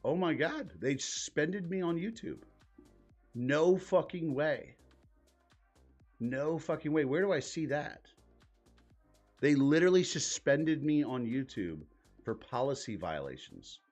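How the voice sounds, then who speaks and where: A man's voice: a little high, sing-song, unhurried, a little mellow, slightly rough, faint music behind. A man hosting a live stream in casual commentary, exasperated and swearing, muttering to himself as he searches his screen. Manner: profane, exasperated, thinking aloud while clicking around.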